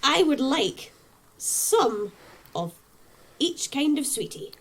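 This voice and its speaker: A woman's voice: high voice, sing-song. A woman playing a tabletop game, joking playfully in casual banter. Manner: playful, joking, quick to laugh. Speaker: player.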